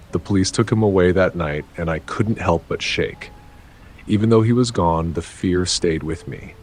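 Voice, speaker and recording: A man narrating a first-person horror story in a measured, dramatic way, in short halting phrases. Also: low-pitched.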